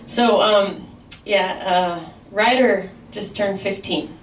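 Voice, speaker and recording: A woman trying out stand-up material in a classroom, delivering her lines slowly and haltingly and stopping to laugh at her own jokes. She stands away from the mic, so her voice comes through an echoey room with a faint hum behind it. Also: mid-range voice, recorded from a distance. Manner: halting, with many fillers and self-interrupting restarts. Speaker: stand-up comedian workshopping a set.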